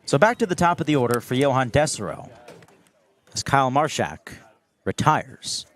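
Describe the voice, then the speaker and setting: A man's voice: medium pitch, normal speed. Young man calling baseball play-by-play. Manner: steady calls that rise sharply on big plays. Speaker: play-by-play announcer.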